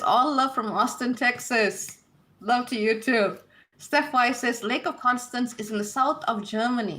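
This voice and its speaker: A woman's voice: mid-range voice, fairly bright tone. A woman hosting a casual livestream Q&A, reading viewers' comments aloud and answering them with easy laughter. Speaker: host answering live chat questions.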